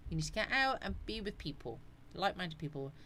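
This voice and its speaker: A woman's voice: fairly low pitch, very animated, quick pace, pushed and bright. A woman hosting a casual live chat, rambling and answering viewers' comments. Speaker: live stream host.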